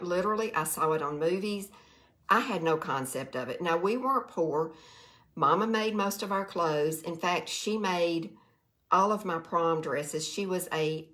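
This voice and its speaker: A woman, chatting on a livestream, tired and nervous, folksy, greeting viewers by name. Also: on the low side. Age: 60s. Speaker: direct sales livestreamer. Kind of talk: casual livestream talk to viewers. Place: quiet room.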